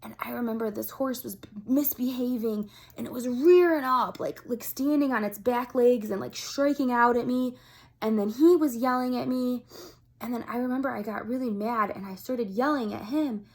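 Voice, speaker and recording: A woman's voice: fairly high pitch, normal speed. A woman vlogger talking casually to camera in a chatty, upbeat way, with many fillers like "like" and "um". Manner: earnest, animated storytelling.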